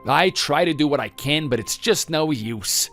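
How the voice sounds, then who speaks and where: A man's voice: fairly high pitch, expressive, normal speed, a bit bright, soft background music. A man voicing a resentful grown son who sulkily blames his mother for his failures, read as a texting-story voice-over. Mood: bitter. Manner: sulky, self-pitying, bitter.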